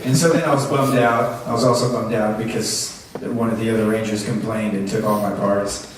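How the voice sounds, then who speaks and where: Man, convention panel guest, laughing storyteller, booming echoey hall, crowd noise. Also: normal speed. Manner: laughing, animated anecdotes. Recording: echoey hall, noisy, from far off.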